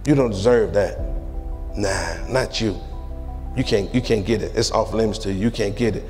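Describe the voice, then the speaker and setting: A scornful male devil murmurs low and quiet as a man puts him on, belittling the listener. The voice drops well below the speaker's usual pitch and echoes through a long church hall, with faint music behind it. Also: moderate pace, natural voice. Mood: sneering. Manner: sneering, belittling, hushed.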